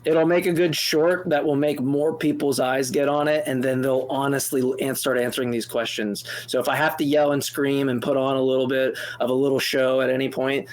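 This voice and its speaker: A man co-hosting a call-in debate show, animated and exasperated, speaking in fast bursts with restarts and swearing freely. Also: mid-range voice. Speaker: co-host answering a caller.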